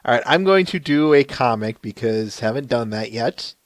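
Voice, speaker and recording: A man's voice: mid-range voice, animated, moderate pace, dry recording. Chatty Minnesotan man hosting a podcast. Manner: chatty, laughing, restarts often. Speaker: podcast host. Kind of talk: casual live-stream podcast chat.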